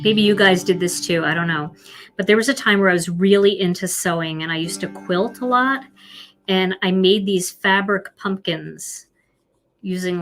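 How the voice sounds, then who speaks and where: A woman's voice: medium pitch, a bit bright. A woman with a Philadelphia accent hosting a live card-making demonstration, chatty and self-deprecating as she colors. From Philadelphia, USA.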